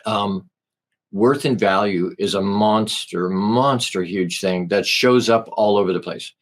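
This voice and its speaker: Earnest, halting man with a lowish voice. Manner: halting, with many restarts and fillers; earnest, spiritual storytelling. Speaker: podcast guest. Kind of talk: casual conversation.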